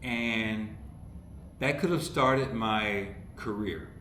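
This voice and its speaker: A man's voice: fairly low pitch, very slow. A man from Ohio, a podcast guest, telling stories in casual chat and acting out the people he quotes. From Ohio, USA. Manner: animated storyteller who acts out the people he quotes. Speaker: podcast guest, comedy writer. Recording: echoey room with faint background noise.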